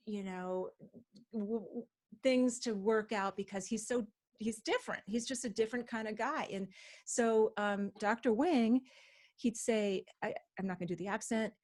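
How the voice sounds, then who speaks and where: A woman co-hosting a relaxed interview in a chatty way, who laughs easily and often restarts her sentences. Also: on the high side. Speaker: co-host. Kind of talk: casual interview chat.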